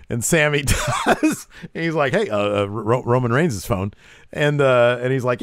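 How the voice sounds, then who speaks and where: A man co-hosting a wrestling podcast, recapping the show in casual chat and jumping into high voices when he quotes the wrestlers. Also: expressive, normal speed, a bit bright, no echo, studio quality.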